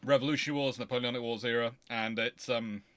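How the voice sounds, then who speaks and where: A man hosting a history livestream, chatting casually in an excitable, rambling way with frequent restarts. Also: medium pitch, fast, clean tone, no echo.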